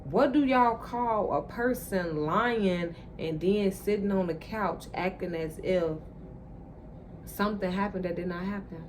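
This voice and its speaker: A woman telling a personal story straight to her viewers in a casual, animated and profane monologue. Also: mid-range voice, measured pace, slight background noise. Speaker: vlogger.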